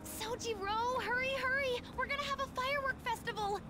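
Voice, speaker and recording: An excitable teenage girl. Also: extremely high pitch, brisk. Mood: excited. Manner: eager and bouncy. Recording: quiet game audio under music.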